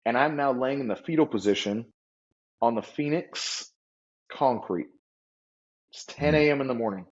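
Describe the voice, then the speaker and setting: A man telling a story as an interview guest, animated and vivid, acting out the people he quotes. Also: medium pitch, normal speed, long pauses. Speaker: guest entrepreneur. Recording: slightly dull lo-fi audio.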